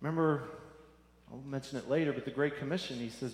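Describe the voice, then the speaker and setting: A man's voice: mid-range voice, fast talker. A man preaching a sermon, earnest and repeating phrases for emphasis. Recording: echoey hall.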